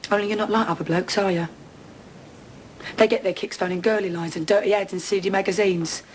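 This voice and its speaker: A woman's voice: mid-range voice, fairly even intonation, fairly quick, slight background noise, lightly acted, rough recording. An actress playing a distraught woman in her thirties confronting the man who attacked her, bitter and sarcastic in a TV drama. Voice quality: bitter, sarcastic, then breaking down. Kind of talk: television soap drama acting.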